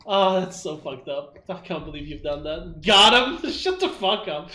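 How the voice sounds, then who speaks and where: A man streaming a shooter game, laughing, swearing and shouting excitedly at teammates. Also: extremely high pitch, very slow, echoey room. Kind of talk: casual gameplay chat.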